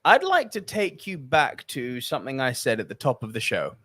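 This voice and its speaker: Lively British man co-hosting a podcast. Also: medium pitch, moderate pace. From Britain. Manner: banter, swearing, mock impressions. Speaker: podcast co-host. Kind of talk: casual podcast chat.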